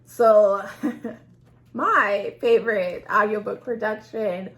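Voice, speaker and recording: A woman's voice: mid-range voice, takes it slowly, fairly bright tone. A woman co-hosting a casual chat about audiobooks, enthusiastic and gushing, laughing often. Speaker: podcast co-host.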